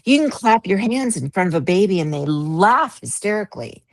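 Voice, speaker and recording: A woman's voice: medium pitch, very animated, normal speed, vocal fry, no room sound. A woman in a casual spiritual group discussion, reflective and meandering, laughing easily, on a video call.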